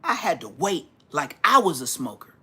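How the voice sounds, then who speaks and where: A man in his forties tells stories from his past in loose, profane street slang. His pitch swings widely from line to line, and he speaks with lively, animated energy. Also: moderate pace, slight background noise. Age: 40s. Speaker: vlogger. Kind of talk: casual storytelling.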